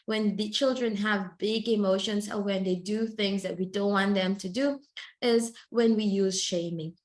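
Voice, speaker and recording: A woman's voice: medium pitch, steady tone, a little slow. Woman presenting, tag question after points. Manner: ends many points with the tag question "right?"; brief laughs mid-sentence. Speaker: clinical psychologist presenting a parenting webinar. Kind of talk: webinar presentation.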